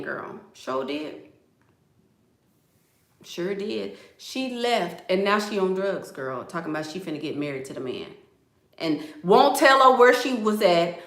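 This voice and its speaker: A woman's voice: medium pitch, a bit bright, roomy sound. A woman vlogger telling gossip to her viewers in a casual, chatty way, often calling them "girl".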